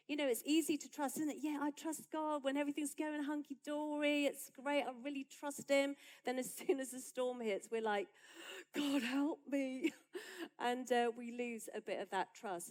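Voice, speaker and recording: A woman pastor, preaching a sermon in a conversational, lively way that builds to emphatic peaks. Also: fairly high pitch, low-quality recording.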